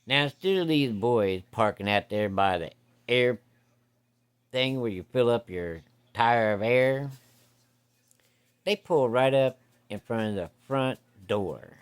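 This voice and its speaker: A man's voice: mid-range voice, expressive, slow, long pauses, smooth. A man telling a hunting story in a folksy, profane, vivid way. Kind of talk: casual spoken storytelling.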